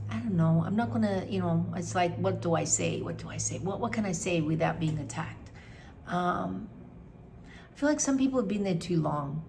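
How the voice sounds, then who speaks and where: Low-pitched and creaky, this middle-aged woman's voice comes with a little hiss or hum. She's a vlogger giving a casual review chat, speaking frankly with strong opinions and rambling through plenty of fillers.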